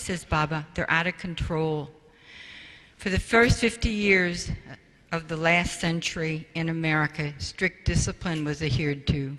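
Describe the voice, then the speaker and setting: In a reverberant hall, an older woman addresses an audience with a spiritual parenting talk built on stories, acting out the quoted voices with animation. Her fairly low voice sounds bright and forceful.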